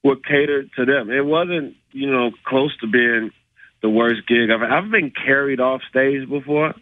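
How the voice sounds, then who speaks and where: A man in his thirties, a guest comedian calling in, telling stories in a halting, laid-back way with many restarts. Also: medium pitch, no room sound. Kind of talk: casual storytelling. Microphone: phone. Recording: tinny dry phone line.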